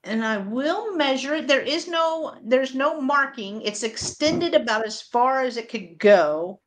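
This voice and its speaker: Slow, lively-voiced woman hosting a sale. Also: sits high. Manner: chatty, upbeat auctioneering. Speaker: live sale host. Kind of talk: live selling chat.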